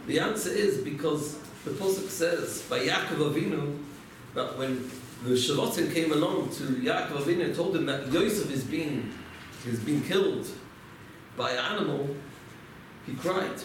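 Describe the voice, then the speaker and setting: A man's voice: fairly high pitch, animated, moderate pace, noisy background. A man giving a religious lecture, telling stories and asking and answering his own rhetorical questions. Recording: echoey room, mic far off.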